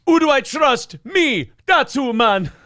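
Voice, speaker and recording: A man's voice: very high voice, sing-song, slow pace, pushed and bright, no echo, studio quality, voice pushed up, heavily acted. A man putting on a mock Jamaican accent to recite movie lines in a sing-song drawl, tagging "man" onto the end of each line. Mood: joking. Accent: put-on Jamaican.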